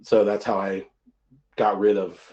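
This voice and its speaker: A man with a light Texas accent and a lowish voice talks in a relaxed, rambling way, full of fillers and restarts. His audio comes through dull and lo-fi, like a video call on a stream. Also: unhurried. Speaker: streamer guest. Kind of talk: casual chat on a stream.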